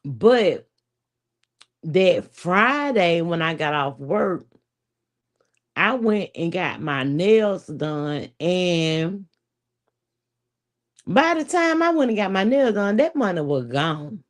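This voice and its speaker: A woman's voice: on the low side, big pitch swings, slow, long pauses. A woman, telling a story to viewers in a casual, profane, chatty way. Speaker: vlogger.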